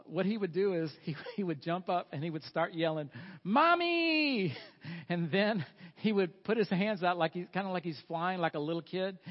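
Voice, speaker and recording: A man's voice: on the high side, muffled recording. A middle-aged man preaching a sermon, earnest and folksy, pressing his listeners with questions. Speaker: pastor.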